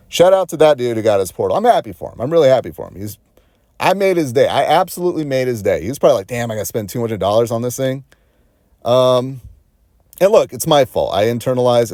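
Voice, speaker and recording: Casting: young man, mellow dark voice, dry close sound, venting vlogger in his car. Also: medium pitch, dry recording. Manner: rambling, frustrated, lots of fillers and quoted dialogue. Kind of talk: casual storytelling rant. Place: parked car in a parking lot.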